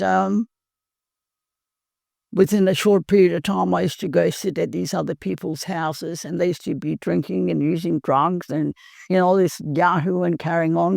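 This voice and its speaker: Her voice is fairly low, gravelly and a little mellow, captured at studio quality without echo. As a guest, she tells her personal recovery story in an earnest, plain-spoken way.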